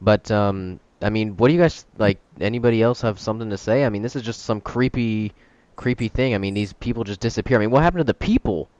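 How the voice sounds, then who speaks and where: A man hosting a relaxed group chat who speaks quickly, rambling along with many fillers. His voice is low and smooth. The sound is a little dull and lo-fi. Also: no echo. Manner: loose and rambling, full of fillers. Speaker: host.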